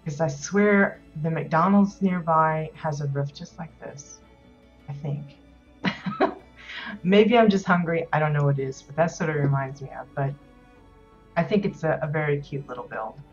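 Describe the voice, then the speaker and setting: A woman's voice: deep voice, measured pace, lo-fi sound, faint music behind. A woman hosting a casual video tour of player-built homes in a game, talking loosely with lots of ums and restarts. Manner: rambling, many ums and restarts. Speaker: host touring player houses in a game.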